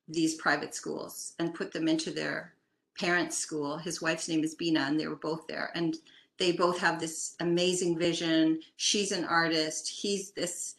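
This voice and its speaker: Older Canadian woman, guest telling a story, lower bright voice, roomy echo. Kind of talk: casual storytelling.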